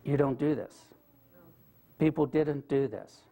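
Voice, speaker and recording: A man's voice: medium pitch, takes it slowly, mellow, slight background noise. Earnest male speaker, conversational lecture storytelling, talks straight to the room. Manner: earnest, conversational, asks the audience questions. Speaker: guest speaker. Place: lecture room with a live audience.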